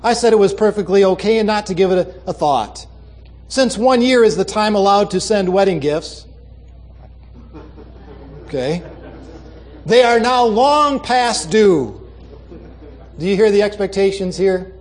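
A man's voice: sits high, moderate pace, pauses often, a little mellow. A man preaching a sermon, reading letters aloud and commenting on them, repeating a key phrase for the congregation. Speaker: pastor.

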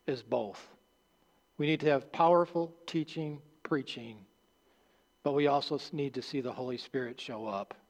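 A male pastor preaches a sermon in a church sanctuary, earnest and halting, restarting phrases and dropping low at the ends of lines. Long hall reverb fills the recording.

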